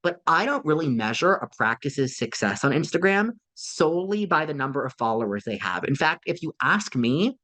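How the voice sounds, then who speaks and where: Lively man coaching through a webinar. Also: a little high, moderate pace, few pauses. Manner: coaching tone with frequent "right?" tag questions; lively, conversational. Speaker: marketing consultant. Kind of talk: live webinar presentation.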